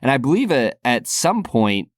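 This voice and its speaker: A man co-hosts a relaxed film podcast, earnest and thoughtful, with a laugh never far away. His pitch sits in the middle range. The sound is dry and close, with no room around it. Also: moderate pace, dry recording. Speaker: podcast co-host. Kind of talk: casual film discussion.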